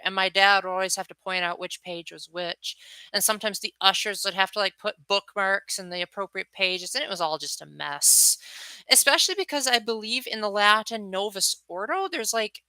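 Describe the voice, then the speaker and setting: Young woman, livestream host, chatty, bright clear voice, dry close sound. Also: medium pitch, no room sound, rough recording. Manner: chatty, answers viewers' chat, acts out quotes. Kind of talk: casual livestream chat.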